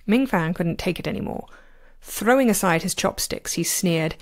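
A woman narrating a novel as an amateur audiobook reader, with expressive, varied pacing. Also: on the low side, normal speed.

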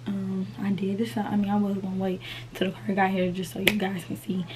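A woman's voice: medium pitch, completely flat delivery, brisk, darkish tone, a little hiss or hum. A young woman chatting casually to her viewers in a vlog from her bedroom, often calling them y'all. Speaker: vlogger.

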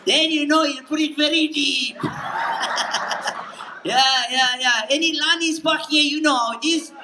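Man, Durban Indian accent, crowd-teasing party comic, high and unhurried, booming noisy room. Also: steady tone. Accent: South African Indian English, Durban. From South Africa. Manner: teasing crowd banter, laughing between jokes. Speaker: stand-up comedian. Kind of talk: stand-up comedy at a party. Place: party hall. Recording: echoey hall with loud noise.

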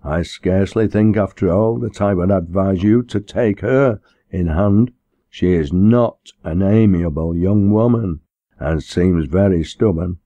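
A man's voice: low voice, unhurried, dark tone, dry recording, highs cut off. A man voicing a self-important country rector who speaks in a formal, stiff and sonorous way.

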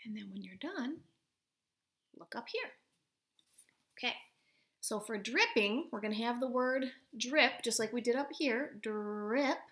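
This first-grade teacher's voice is a little high and animated. In a recorded video lesson, she talks slowly and gently, sounding out words for her young students.

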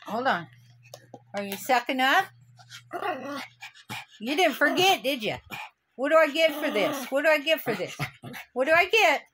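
A woman's voice: high voice, big pitch swings, measured pace, pauses often, slight background noise. Sing-song woman baby-talking to her dogs. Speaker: dog owner. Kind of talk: baby talk to pets. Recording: loud dogs barking behind.

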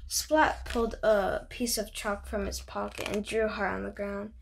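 A woman's voice: medium pitch, little pitch movement, normal speed, creaky, few pauses. A woman reading a children's picture book aloud, bubbly and chatty, stopping to comment on the pictures.

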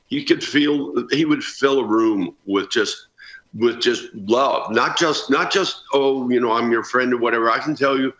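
Earnest man on a roomy, dull remote feed. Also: mid-range voice. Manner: earnest, animated storytelling. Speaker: former ballplayer guest. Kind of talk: remote news interview.

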